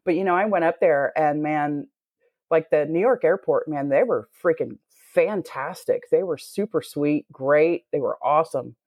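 A woman's voice: low-pitched, moderate pace, a little mellow. A woman chatting casually on a podcast, talkative, swearing freely and laughing along. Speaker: podcast co-host. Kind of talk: casual chat. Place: Southern US, Florida.

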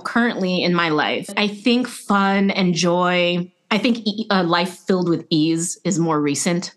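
A mid-pitched voice belonging to a podcast guest in a reflective conversation. They talk earnestly and loop back over their phrases, with frequent laughter breaking through. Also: a bit bright. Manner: earnest, laughs often, speaks in looping restarts. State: emotional.

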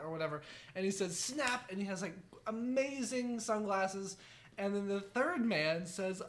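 A man's voice: high-pitched, normal speed, a bit bright, a little hiss or hum. A man co-hosting a podcast, telling a crude story in casual chat, often giggling and rambling. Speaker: podcast co-host.

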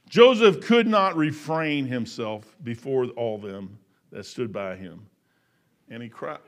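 A man in his fifties preaching a sermon, folksy and storytelling, acting out dialogue and swinging between loud emphasis and soft asides. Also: medium pitch, expressive, slow pace. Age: 50s.

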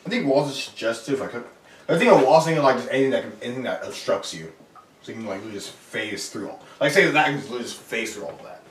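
A man's voice: mid-range voice, lively intonation, very fast. A man in a casual chat with friends, joking crudely and laughing a lot. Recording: echoey room, from far off, faint hiss.

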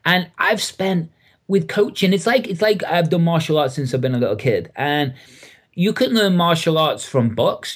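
A man with an English accent, a coach speaking as a guest on a podcast interview with enthusiastic, animated delivery. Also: fairly high pitch.

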